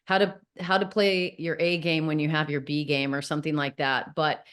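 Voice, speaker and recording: A woman's voice: low voice, flat delivery, moderate pace, a bit bright. A woman golf coach as an interview guest, chatting easily and laughing often. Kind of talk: casual interview chat.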